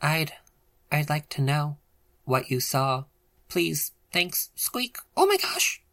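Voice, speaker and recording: A man voicing a small, shy young wolf who mumbles softly and squeaks in embarrassment. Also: wildly swooping pitch, vocal fry, heavily acted. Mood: flustered. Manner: soft, halting, squeaking mumble.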